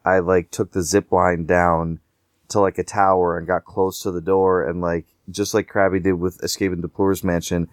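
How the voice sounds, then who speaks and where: A man with a low voice tells a long gaming story in loose, rambling chat. He keeps circling back with fillers and false starts. The sound is dry and close. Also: flat delivery, normal speed, dry recording. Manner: rambling, many fillers and restarts.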